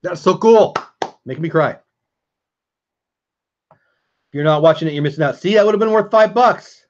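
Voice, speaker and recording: A man's voice: sits high, fairly quick, a little mellow, lo-fi sound, slight background noise. A man hosting a casual live stream, chatting with viewers and answering chat as he goes.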